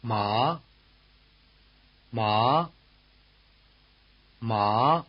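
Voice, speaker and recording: A man giving slow, carefully articulated model syllables for a pronunciation drill. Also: medium pitch, animated, breathy edge. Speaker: native-speaker model voice. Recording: dull lo-fi old course tape.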